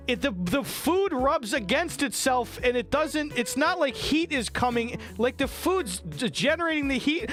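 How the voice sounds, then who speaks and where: A young man telling a story on a live stream, his voice high for a man and jumping all over. He swears freely and acts out what other people said. A faint bed of music sits under his talk. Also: fairly bright tone.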